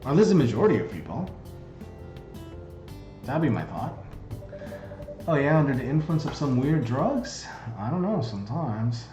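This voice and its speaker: A man's voice: mid-range voice, very animated, normal speed, long pauses, warm tone. Casting: male game streamer, chatty and jokey, roomy and slightly dull mic, faint music behind. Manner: chatty, jokey, reads game text aloud. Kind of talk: casual game commentary, reading dialogue aloud.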